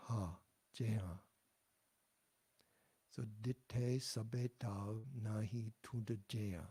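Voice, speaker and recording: A man teaching pronunciation with patience, his speech slow and halting. His voice is mellow and low-key. He stops and restarts often as he explains. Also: husky. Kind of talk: pronunciation and chanting lesson.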